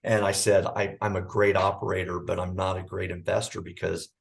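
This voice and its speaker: A man's voice: low voice, completely flat delivery, fairly quick, vocal fry. A middle-aged man, a firm founder as podcast guest, telling stories casually with many restarts and fillers. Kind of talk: conversational storytelling.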